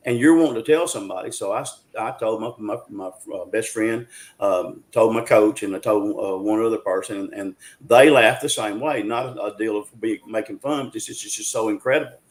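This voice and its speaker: Low-voiced man in his sixties. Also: brisk. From Arkansas, USA. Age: 60s. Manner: earnest, folksy, with frequent restarts. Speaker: guest. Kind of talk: storytelling interview.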